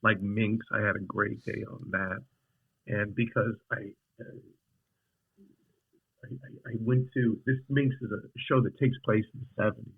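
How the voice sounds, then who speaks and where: A male actor guest telling stories in a casual interview, rambling and animated, with frequent restarts. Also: fairly low pitch, a little slow, gravelly, husky, narrow, tinny audio.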